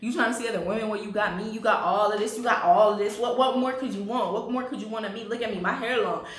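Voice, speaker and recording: A woman's voice: mid-range voice, fast, close to an everyday voice. A vain teenage girl who rattles off everything good about herself and bosses her boyfriend, as a woman puts her on. Her talk is a boastful rundown. The recording has a roomy echo.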